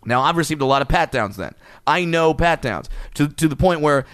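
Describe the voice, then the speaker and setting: Man, casual chat, smooth resonant voice, dry close sound, profane animated storytelling. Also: fairly high pitch, fairly quick, dry recording.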